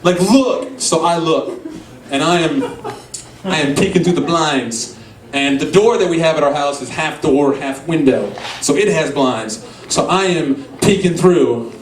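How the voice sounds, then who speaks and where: A stand-up comedian from Louisiana, telling crude, animated stories on a bar stage before a live audience. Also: male voice, on the high side, measured pace, a little hiss or hum. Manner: animated, crude, filler-heavy delivery. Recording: echoey room, far mic, audience.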